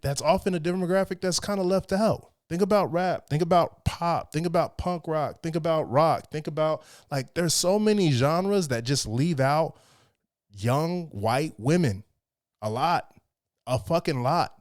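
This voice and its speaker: A man's voice: mid-range voice, no echo, clean studio sound. A young man from Texas, giving casual, blunt and profane commentary. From Texas, USA. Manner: blunt and profane, drawn-out asides.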